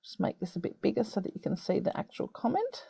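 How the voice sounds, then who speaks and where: A woman who teaches young students, explaining a video-call tool step by step in a gentle, encouraging way. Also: medium pitch, sing-song, fast, vocal fry, husky, no echo. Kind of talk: screen-recorded tutorial for children. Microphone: computer mic on a video call.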